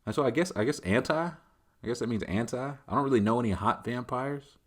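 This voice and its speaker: A man's voice: mid-range voice, fairly quick. A man hosting a casual solo chat, answering listener questions in a loose, rambling way. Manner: loose, rambling, conversational, leaning on filler tags. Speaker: host.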